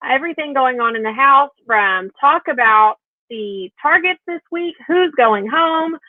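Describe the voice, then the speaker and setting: A woman's voice: sits high, no echo. A woman co-hosting a casual chat show, upbeat and chatty, who talks through her slips. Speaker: co-host. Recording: tinny phone-like line.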